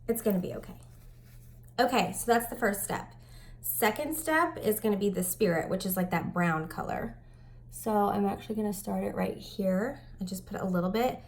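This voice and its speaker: A woman's voice: mid-range voice, moderate pace. Chatty stuffy-nosed woman doing makeup. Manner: chatty, self-mocking, drifting into soft asides. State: stuffy, breathing heavily. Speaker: makeup vlogger. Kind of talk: casual makeup tutorial chat.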